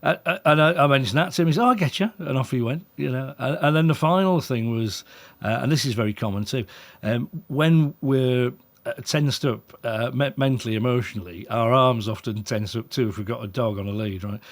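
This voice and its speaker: An animated man talks through his work as a dog trainer in a relaxed interview. His voice sits in an ordinary middle register. He keeps acting out little bits of other people's speech and laughs often along the way. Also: mid-range voice, a little fast. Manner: animated, acts out quoted voices, frequent chuckles. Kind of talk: conversational interview storytelling.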